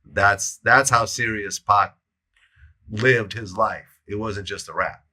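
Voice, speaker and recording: A man with a low voice and a hard, sharp edge hosts the interview, retelling an account in a plain, steady way with a few fillers. His tone is tense and cutting despite the depth. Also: slow pace. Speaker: interview host. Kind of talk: conversational interview.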